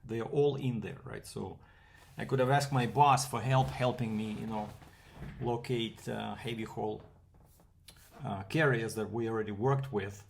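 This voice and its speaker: Gravelly man telling a rambling story. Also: lowish voice, steady tone, measured pace, slight background noise. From Canada. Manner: rambling, with fillers and quoted dialogue. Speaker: freight broker vlogger. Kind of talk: casual storytelling monologue.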